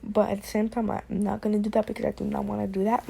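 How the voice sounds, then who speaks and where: A woman rambling casually in a vlog from her bedroom late at night, repeating herself and drifting between loud ranting and quiet near-whispers. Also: mid-range voice, little pitch movement, a little slow, creaky, few pauses, a little hiss or hum. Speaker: vlogger.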